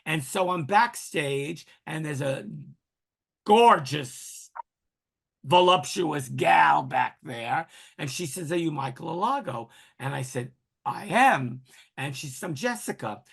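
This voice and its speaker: A man with a gravelly, fairly high voice tells stories as an interview guest. He is animated and acts out the people he quotes. It is relaxed, casual talk. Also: a little slow. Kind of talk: casual storytelling.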